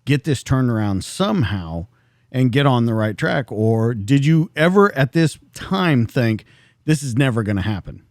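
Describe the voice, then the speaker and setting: A man's voice: mid-range voice, big pitch swings, normal speed, darkish tone, no echo, clean studio sound. A male podcast host asking his guest probing questions in a casual interview.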